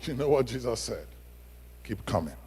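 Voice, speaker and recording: A man preaching a sermon, emphatic, asking the congregation questions and swinging from loud to hushed. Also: mid-range voice, big pitch swings, normal speed, breathy edge. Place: church sanctuary. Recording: long reverb of a church hall.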